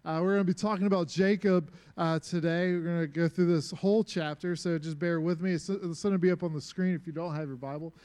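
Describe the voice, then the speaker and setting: A young man preaching a casual sermon, relaxed and conversational, with many filler words and joking asides. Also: on the high side, a little fast, hardly any pauses.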